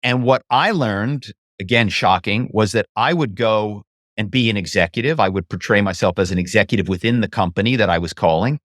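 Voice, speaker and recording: A man telling stories as a podcast guest, lively and acting out phone calls in voices. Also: lowish voice, a little fast, no room sound, studio quality. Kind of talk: casual interview storytelling.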